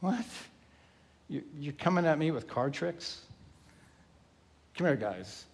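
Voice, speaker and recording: Man doing a defiant, taunting king. Fairly high voice, unhurried. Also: animated, gravelly, slightly rough, full character voice. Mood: scoffing. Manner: scoffing, taunting. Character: defiant cruel male Egyptian king.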